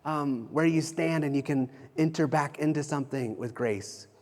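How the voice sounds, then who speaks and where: In a loose, conversational sermon, a pastor in his thirties preaches at a normal speed with a slightly darkish tone. His voice sits a bit high for a man, and he often restarts and repeats phrases. A long reverb tail hangs on the sound, like a church sanctuary.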